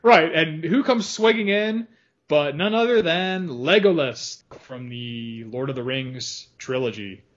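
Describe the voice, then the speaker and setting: A man co-hosting a podcast, talking casually about a film in an animated way, laughing often. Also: on the high side, slow, highs cut off. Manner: animated, laughs often, quotes lines in funny voices. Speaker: podcast co-host.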